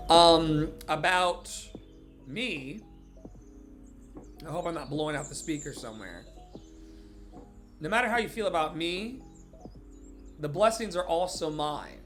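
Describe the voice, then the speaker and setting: A man's voice: fairly high pitch, animated, measured pace, pauses often, fairly bright tone, faint music behind. A man hosting a show, delivering an impassioned motivational sermon in an emphatic, blunt and profane preacher's manner.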